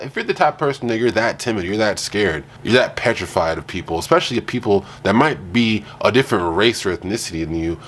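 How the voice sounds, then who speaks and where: A man's voice: medium pitch, breathy edge. A man hosting a reaction channel, giving exasperated, slangy commentary and hammering home his points.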